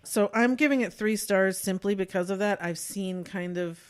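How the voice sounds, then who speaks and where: A woman's voice: medium pitch, moderate pace, clean tone. A woman co-hosting a podcast, reviewing a movie in a chatty, rambling way with many fillers. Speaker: podcast co-host. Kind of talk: casual chat, movie review.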